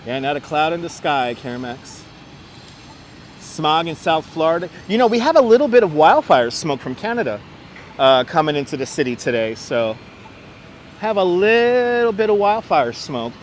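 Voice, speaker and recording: Guy walking city streets on a live stream, bit stuffy and sick, slightly high voice, faint traffic behind. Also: very animated, normal speed. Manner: chatty, greets viewers by name as he walks. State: congested, a little under the weather. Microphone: wireless clip-on mic.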